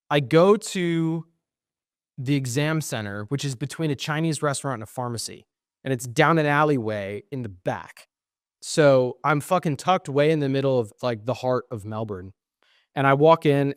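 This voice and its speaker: A man's voice: medium pitch, dry recording, studio quality. Young man telling a profane story. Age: young adult. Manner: animated, profane, acts out quoted exchanges. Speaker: podcast co-host. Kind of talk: casual storytelling.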